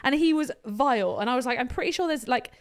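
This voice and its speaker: Fast-talking blunt woman. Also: on the high side. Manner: blunt, animated storytelling with quoted dialogue and swearing. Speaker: podcast co-host. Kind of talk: casual chat.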